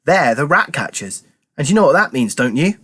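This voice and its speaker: A man's voice: on the high side, sing-song, normal speed, fairly bright tone, husky, voice pushed up, exaggerated voice. A man voicing a bossy, theatrical girl who loves adventure stories, in a storybook reading.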